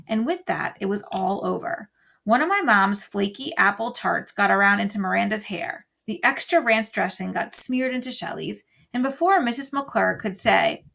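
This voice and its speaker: A woman teacher reading a novel aloud to an online class, telling it in an expressive storytelling way. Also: mid-range voice, moderate pace, creaky.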